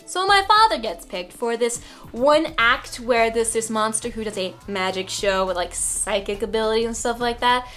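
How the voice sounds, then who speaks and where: A young woman telling stories to camera in a casual vlog, animated and laughing, with sudden loud outbursts and hushed asides. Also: a little high, normal speed, soft background music. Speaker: vlogger.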